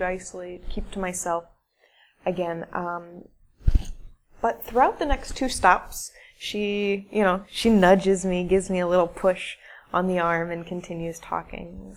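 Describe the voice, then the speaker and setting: A woman telling a personal story in a shy, halting way, with restarts and dramatic pauses. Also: mid-range voice, gravelly, a little hiss or hum. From English-speaking foreigner living in Russia. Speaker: English teacher telling a story. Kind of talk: casual spoken storytelling.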